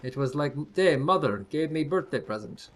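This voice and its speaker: A man's voice: on the high side, animated, brisk, darkish tone, lightly acted. A man putting on a clumsy mock Eastern European accent to voice an overexcited male gamer who speaks broken English. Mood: overjoyed.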